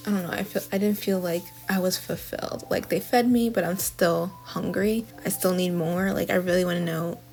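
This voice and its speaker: A woman's voice: fairly low pitch, steady tone, normal speed, few pauses, darkish tone, soft background music. Chatty woman recapping a TV show. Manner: chatty plot recap with frequent "like" and quoted dialogue. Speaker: TV review vlogger. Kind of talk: casual spoken TV review.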